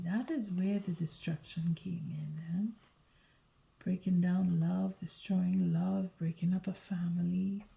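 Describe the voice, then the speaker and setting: A sleepy woman gives a whispered tarot reading late at night, her hushed voice dark and mellow with a gravelly edge. She talks in soft, halting half-sentences and often restarts. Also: fairly low pitch, lo-fi sound. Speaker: tarot reader.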